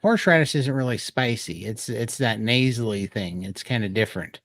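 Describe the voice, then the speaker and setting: A man with a medium-pitched, expressive voice speaks at normal speed with no room sound. He co-hosts a livestream show, chatting casually over a video call. He talks loosely, laughing often and drifting into rambling asides.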